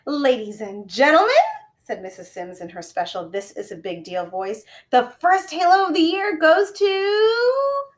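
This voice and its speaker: A woman's voice: high-pitched, very animated, a little slow, pitched above the performer's own voice. A woman reading a children's book aloud, voicing a schoolteacher who announces an award in a grand, showy voice. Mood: ceremonious. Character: grade-school teacher making a formal announcement.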